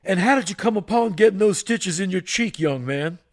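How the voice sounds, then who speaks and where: A man voicing a stern older male military-school disciplinarian, speaking in a booming, clipped, commanding way. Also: expressive, brisk. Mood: probing.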